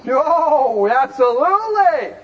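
Slow and deliberate, a man with an extremely high voice and big swings in pitch gives an animated lesson to a recovery group. His manner is folksy and emphatic, full of rhetorical questions, and the sound is dull.

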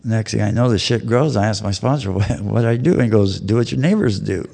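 A man's voice: lowish voice, fast, vocal fry, darkish tone, breathy edge, long reverb tail. A man in his fifties giving a personal testimony at a recovery meeting, telling stories in a folksy way with plain slang.

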